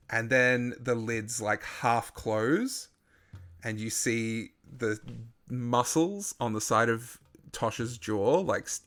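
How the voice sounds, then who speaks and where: A man narrating a tabletop role-playing game as game master, pausing often with fillers. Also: mid-range voice, a bit bright. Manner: halting, with many fillers.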